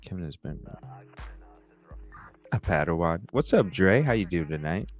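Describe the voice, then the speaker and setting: A man's voice: sits low, expressive, moderate pace, faint music behind. A man hosting a live call-in talk stream, chatting casually with viewers, rambling, swearing freely and laughing often.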